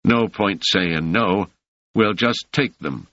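A man's voice: low-pitched, slow, bright, forceful tone, dry recording, heavily acted. A man reading an audiobook voices a swaggering male street thug who taunts and mocks his victims. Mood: menacing. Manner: taunting, sneering. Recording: dry, slightly muffled lo-fi audio.

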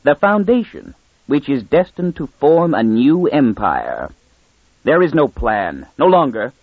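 A man voicing a calm, very old minister. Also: medium pitch, breathy edge, no room sound, narrow, tinny audio, full character voice. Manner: calm, soft, measured.

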